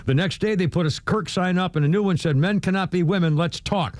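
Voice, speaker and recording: A man's voice: high voice, fairly quick, darkish tone, dry recording. A man hosting a talk radio show, rambling with lots of fillers and restarts. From New England. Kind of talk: casual talk radio monologue. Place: radio studio. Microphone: studio microphone.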